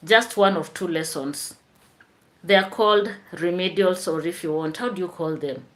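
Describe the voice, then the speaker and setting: A woman's voice: lowish voice, normal speed, fairly bright tone. A woman teacher hosting a chatty live stream, tired after work, answering viewer comments.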